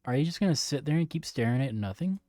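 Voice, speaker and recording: A man's voice: on the high side, lively intonation, fast talker, dark tone, no room sound, studio quality, natural voice. A man voicing a prickly teen girl, reading her lines in a huffy, bratty way. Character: prickly teen girl, snappish but shy.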